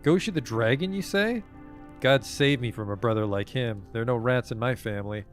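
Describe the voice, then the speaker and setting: A man voicing a hoarse, jumpy male smuggler who swings between eagerness and snarling threats, read from game dialogue. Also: medium pitch, brisk, faint music behind, close to an everyday voice. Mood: grudging. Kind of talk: reading game dialogue aloud.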